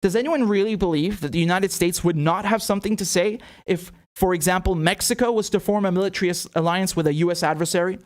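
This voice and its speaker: An older man, a politician, delivering a formal prepared speech in a measured, declarative way. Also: sits high.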